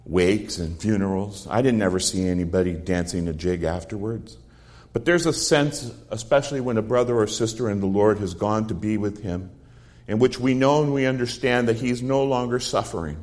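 A middle-aged man with a lowish, darkish voice preaches a sermon, going through a psalm verse by verse. He earnestly tells stories from his own life, quoting dialogue as he goes.

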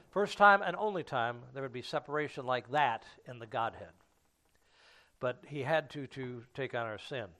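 A man's voice: on the high side, a bit bright. A man delivers a sermon in a slightly raised voice, reading verses and explaining them at an easy pace. He stumbles often, filling gaps with "uh" and restarting his sentences. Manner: unhurried Bible teaching with frequent fillers and restarts. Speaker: preacher.

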